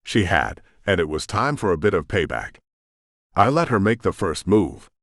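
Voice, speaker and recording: Deep guy reading a romance book, lots of pitch movement, dry close sound. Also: sing-song, normal speed, dry recording. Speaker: audiobook narrator. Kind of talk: first-person audiobook narration.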